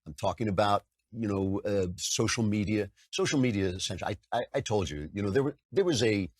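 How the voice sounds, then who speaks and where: A man's voice: fairly low pitch, a little fast, no room sound. An older man hosting a political commentary show, talking conversationally and slipping into mocking impressions. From United States. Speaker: podcast host.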